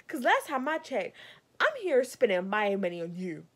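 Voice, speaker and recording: A woman's voice: mid-range voice, lively intonation, a little slow. A young woman rants through a storytime for her vlog. She keeps calling her viewers y'all and sounds exasperated as she tells it. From Savannah, Georgia. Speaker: vlogger. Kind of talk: storytime rant.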